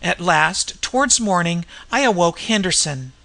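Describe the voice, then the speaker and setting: A narrator reading a first-person ghost story in a measured, tense way. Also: medium pitch, lively intonation, creaky, a bit bright. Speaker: audiobook narrator.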